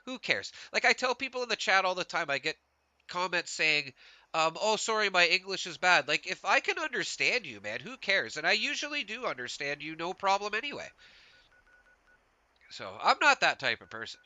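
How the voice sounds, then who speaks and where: Male game streamer from Canada, rambling casual chatter, voice on the high side, very bright tone. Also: big pitch swings, normal speed, no echo. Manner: rambling, laughs often, heavy use of "like". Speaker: gaming streamer. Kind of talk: casual chat while live-streaming a game.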